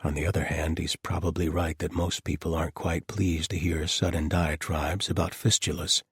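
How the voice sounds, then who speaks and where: A man reading an audiobook in a steady, even narration. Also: low voice, moderate pace, breathy edge, no room sound, clean studio sound. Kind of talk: scripted narration.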